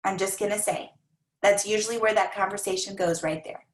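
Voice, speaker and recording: A woman coaching a team of coaches in an energetic, repetitive manner, often acting out the voices of clients. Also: medium pitch, fairly quick, echoey room, low-quality recording. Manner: energetic, repeats phrases, acts out clients' voices.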